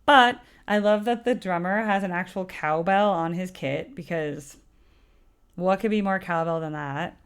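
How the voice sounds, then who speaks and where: A woman's voice: fairly low pitch, unhurried, clear, resonant tone. A woman hosting a music reaction video as a voice teacher, talking casually and breaking down a singer's technique with lots of fillers. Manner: animated, demonstrates vocal technique, lots of fillers. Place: home room with a sunlit window.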